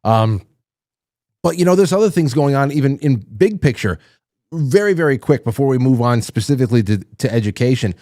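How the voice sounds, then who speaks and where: A man's voice: medium pitch, expressive, fairly quick, warm tone. A male podcast host asking questions in a casual, agreeable way, often stumbling and restarting. His voice sounds close and dry, with no room echo. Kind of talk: casual interview chat.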